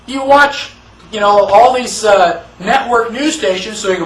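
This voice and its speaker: A man's voice: high voice, measured pace, a bit bright. A man teaching a class on the constitution, in an emphatic style that is full of rhetorical questions. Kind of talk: classroom lecture. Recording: echoey room, mic far off.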